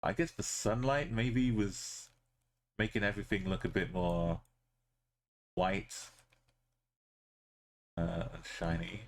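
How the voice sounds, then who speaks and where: A man's voice: low-pitched, fairly even intonation, slow, creaky, pauses often. A male streamer giving live commentary on a game, thinking aloud and musing with trailing fillers as he goes.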